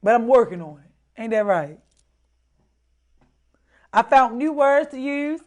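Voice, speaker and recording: Casting note: high-pitched woman, animated guest, laughs and repeats for emphasis. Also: a little slow. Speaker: show guest. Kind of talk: casual live-stream chat.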